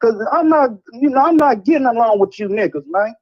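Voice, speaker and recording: A man's voice: very high voice, lively intonation, fairly quick. Frustrated man ranting on a dull line. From Chicago. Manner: rambling, frustrated, repeats "man". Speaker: caller. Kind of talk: heated call-in rant.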